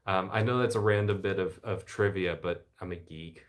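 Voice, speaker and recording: American baritone man chatting casually. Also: normal speed. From United States. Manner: relaxed, chatty, enthusiastic asides. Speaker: channel host reading live chat. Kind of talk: casual live-stream chat. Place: home living room by the fireside.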